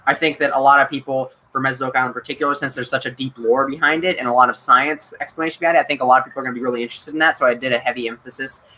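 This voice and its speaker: A man's voice: mid-range voice, fairly even intonation, very fast, few pauses, sharp tone, a little hiss or hum, low-quality recording. A man hosting a casual livestream Q&A, answering chat questions in an eager, chatty way with lots of ums and restarts.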